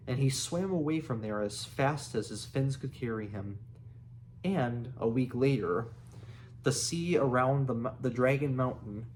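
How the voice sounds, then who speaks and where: A man reads a children's novel aloud at a slow, careful pace, sometimes stumbling and restarting words. His voice sits at an ordinary middle pitch. A faint background ambience can be heard. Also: a little mellow, a little hiss or hum. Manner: slow, halting reading with restarts. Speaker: reader. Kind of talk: reading a children's book aloud.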